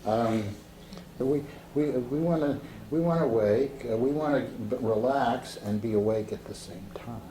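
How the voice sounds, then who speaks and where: A man teaching a Sufi breathing practice to a group, talking in a slow, halting way with many fillers and restarts. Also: mid-range voice, warm tone. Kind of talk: relaxed spoken instruction to a seated group. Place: indoor room with a door to the street. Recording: roomy echo with faint street noise.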